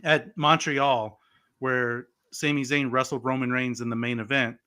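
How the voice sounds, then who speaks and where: Bright-voiced animated male podcaster. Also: medium pitch, a little slow, clean tone. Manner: animated, many fillers like "like" and "you know". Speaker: podcast co-host. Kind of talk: casual wrestling podcast chat.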